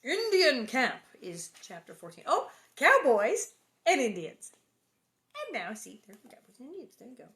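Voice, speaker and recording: A woman's voice: high-pitched, wildly swooping pitch, moderate pace, a bit bright. A woman reading a children's novel aloud to viewers, breaking off for playful, chatty asides and answering comments. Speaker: reader hosting a book reading stream.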